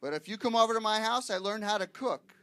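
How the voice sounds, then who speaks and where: Man, stand-up comic, bright tone, slightly high voice, punchy wisecracks. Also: fast, clean tone. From Boston. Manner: wisecracking, punchy delivery with frequent "okay, guys?" asides. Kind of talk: stand-up comedy set. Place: live comedy show with audience.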